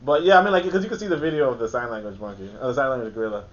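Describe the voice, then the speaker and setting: A man hosting a casual book discussion, rambling with lots of fillers and restarts and frequent laughs. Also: racing. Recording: muffled, faint background rumble.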